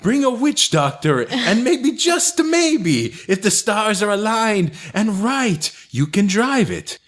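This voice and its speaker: Deadpan man reading ads aloud. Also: sits high, slow. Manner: deadpan, mock-dramatic, swears freely. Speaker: podcast host. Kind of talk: comedic reading of online ads.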